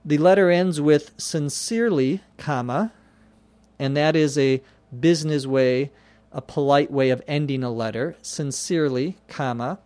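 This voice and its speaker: A man teaching English vocabulary, explaining words slowly and spelling them out letter by letter. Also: a little high, darkish tone, no echo. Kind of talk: slow explanatory lesson.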